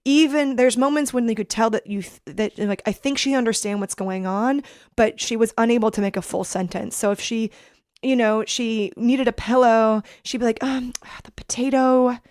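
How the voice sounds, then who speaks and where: A woman's voice: fairly high pitch, steady tone, a little mellow, no echo. Earnest woman in her thirties, dry sound. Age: 30s. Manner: earnest, reflective, halting. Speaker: podcast guest. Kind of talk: personal storytelling in a podcast interview.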